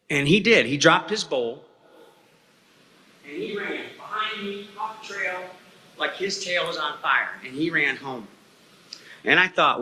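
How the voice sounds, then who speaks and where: Fairly high-pitched and gravelly, his voice is pushed and bright, with lively intonation, an unhurried pace and long pauses. The man is an eyewitness telling a live hall audience a rambling, folksy story, often asking "okay?". The hall makes the sound reverberant.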